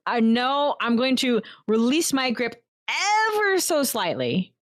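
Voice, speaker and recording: A woman plays a tabletop role-playing game, casual and playful. Her pitch moves a lot, and the recording is dry and close. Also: sing-song, takes it slowly, no echo. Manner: playful, laughs. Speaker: player.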